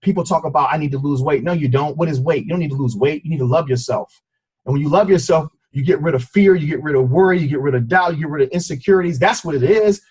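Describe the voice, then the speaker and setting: Husky man, earnest personal testimony. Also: a little high, quick pace, a little mellow. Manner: earnest, intense storytelling. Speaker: guest speaker. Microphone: conference call.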